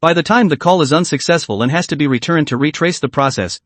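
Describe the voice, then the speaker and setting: A man's voice: a little high, fast, a bit bright, no echo, natural voice. A man voicing a stern male police captain who speaks in a formal, official manner. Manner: formal, ceremonious speech.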